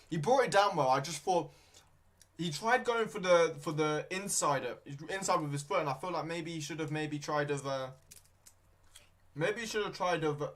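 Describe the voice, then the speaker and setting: A man's voice: on the high side, fairly bright tone. A young man chatting casually about a football match during a live watchalong stream, rambling with lots of fillers and restarts. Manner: rambling, hesitant, many fillers; talking with his mouth full at times.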